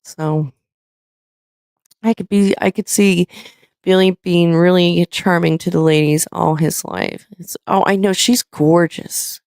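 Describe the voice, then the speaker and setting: A woman's voice: fairly low pitch, fairly even intonation, takes it slowly, creaky, a little mellow, no room sound, studio quality. A woman hosting a live stream, chatting casually, rambling with lots of fillers and reading viewer comments aloud.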